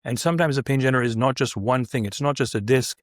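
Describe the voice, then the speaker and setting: Fast-talking middle-aged male doctor. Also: mid-range voice, no room sound, clean studio sound. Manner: animated, many restarts and fillers. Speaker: interview guest, physician. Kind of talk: casual anecdotal storytelling.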